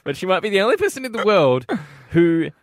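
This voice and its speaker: Animated man on breakfast radio. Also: high voice, fast talker, no echo, studio quality. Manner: playful, laughs often, lively. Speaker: radio co-host. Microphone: studio microphone.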